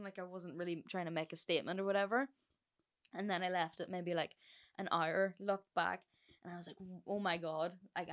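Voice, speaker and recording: Northern Irish woman hosting solo podcast, casual, blunt, swears freely, slightly low voice. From Northern Ireland. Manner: casual and blunt, heavy 'like' fillers and swearing. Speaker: podcast host.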